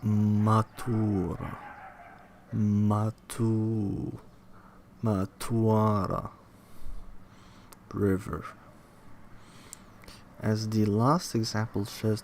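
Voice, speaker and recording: A man reading aloud from a linguistics textbook, halting, restarting words and questioning the text as he goes. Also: on the low side, a little mellow, a little hiss or hum. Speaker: reader studying a linguistics textbook. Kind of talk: reading aloud with self-commentary.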